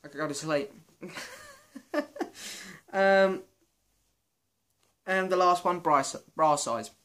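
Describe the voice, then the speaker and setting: A man's voice: a little high, slow pace, fairly bright tone. A young British man answering viewer questions in a casual, self-mocking vlog. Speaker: vlogger. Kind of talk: casual Q and A chat.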